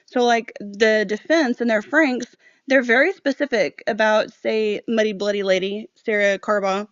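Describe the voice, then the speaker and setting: A woman co-hosting a casual true-crime discussion who thinks aloud and hedges in quick bursts. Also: medium pitch, fairly even intonation, clear, resonant tone, dry recording, lo-fi sound. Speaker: podcast co-host.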